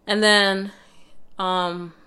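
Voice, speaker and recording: A woman's voice: medium pitch, little pitch movement, very slow, pushed and bright, clean tone. A young woman vlogger telling a personal story in a casual, conversational way, with lots of fillers and restarts.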